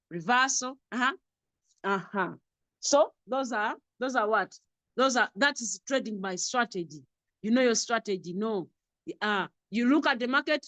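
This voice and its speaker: A woman's voice: on the high side, a bit bright, dry recording. A woman with a Ugandan accent teaching an online trading class over a video call, repeating points and drilling lists. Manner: repetitive, drilling lists, chuckles often.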